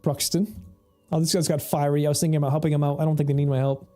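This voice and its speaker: A man's voice: a little high, little pitch movement, racing, warm tone, soft background music. Laid-back rambling man streaming a game. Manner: rambling, laughs often, swears freely. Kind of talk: casual gameplay commentary.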